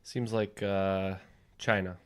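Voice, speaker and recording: A man's voice: low-pitched, little pitch movement, slow, clean tone. A man playing as a contestant on a trivia podcast. He makes dry, wry remarks about the answers. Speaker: quiz contestant. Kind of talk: casual podcast banter.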